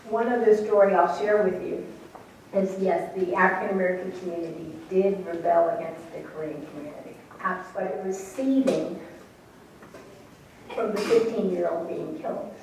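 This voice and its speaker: A woman's voice: lowish voice, moderate pace, vocal fry, darkish tone. A middle-aged woman tells her story to a live audience, acting out the people she quotes. She sits well back from the mic in a very echoey hall. A faint hiss runs underneath. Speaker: radio station manager recounting events. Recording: echoey room from far off, faint noise.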